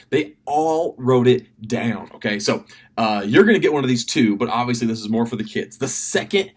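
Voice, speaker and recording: A man briefing camp volunteers in a casual video message from his desk, talking fast with lots of fillers and restarts. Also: mid-range voice, lively intonation, breathy edge. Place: indoors at a desk.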